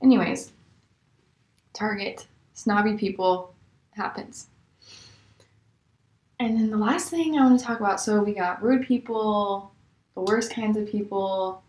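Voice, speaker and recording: A young woman vlogger telling casual stories about rude customers, animated and exasperated, her voice jumping high in disbelief. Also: a little slow, long pauses, slight background noise. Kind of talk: casual storytelling. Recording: echoey room.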